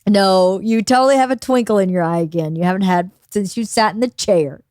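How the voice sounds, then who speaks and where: A woman's voice: mid-range voice, brisk, a little mellow, dry recording, studio quality. A woman hosting a podcast, chatting in a teasing, encouraging way. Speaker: podcast host. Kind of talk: casual chat.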